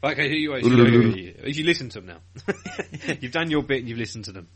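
A man's voice: mid-range voice, expressive, brisk. A man co-hosting a casual podcast chat, chatty and laughing, mimicking others as he tells stories.

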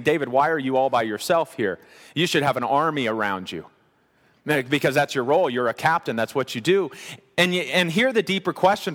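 A man's voice: a little high, fairly bright tone. Man preaching in a reverberant hall. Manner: emphatic repetition, conversational asides. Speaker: pastor. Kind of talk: sermon. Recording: long reverb of a large room.

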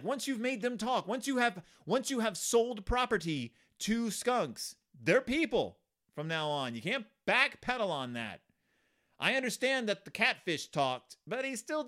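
Rambling, lively-voiced male podcast host. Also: high-pitched, normal speed. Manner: rambling, sarcastic, lots of fillers and restarts. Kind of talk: comedic book commentary.

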